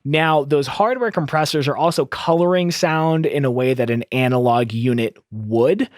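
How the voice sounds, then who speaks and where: A man's voice: mid-range voice, moderate pace, no echo. A man hosting an audio tutorial, explaining step by step in an upbeat teaching manner into a close studio microphone. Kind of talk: screen-recorded audio tutorial.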